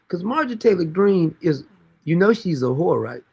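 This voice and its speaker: A man's voice: high voice, big pitch swings, moderate pace, creaky, a little mellow, breathy edge. A man hosting a casual livestream, rambling and mocking with frequent laughter, talking now and then to someone beside him. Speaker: livestream host.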